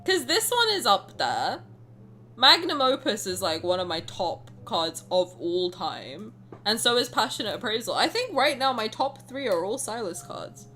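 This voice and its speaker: A young woman streaming a game who reads the story aloud and gushes between lines. Her voice sits fairly high and swings widely, and she giggles often. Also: a little slow. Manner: giggly, animated, gushing. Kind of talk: reading game text aloud and chatting.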